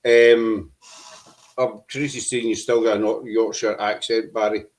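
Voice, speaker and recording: A man's voice: lowish voice, little pitch movement, unhurried. A man hosting a casual paranormal chat show over a video call, with joking banter. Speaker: podcast host.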